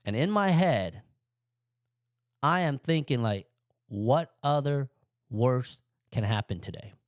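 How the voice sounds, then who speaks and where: A man hosting a podcast, casually telling a personal story and acting out his own thoughts with sudden jumps in pitch. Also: expressive, slow pace, dry recording, clean studio sound. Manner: plain, conversational English with loose grammar. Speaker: podcast host. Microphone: podcast microphone.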